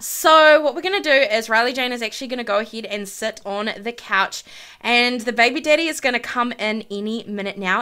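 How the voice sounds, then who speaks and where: Young woman doing let's play commentary, kinda high voice, really bright and sharp, chatty and dramatic. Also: clear, resonant tone. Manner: chatty, dramatic, says "honestly" and "freaking" a lot. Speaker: gaming channel host.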